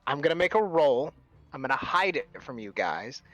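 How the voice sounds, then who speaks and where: A man's voice: medium pitch, sing-song, normal speed, a bit bright, no room sound. A man narrating as game master of a tabletop role-playing game, drawing out his words as he describes scenes and explains rules. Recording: dull lo-fi sound with faint music.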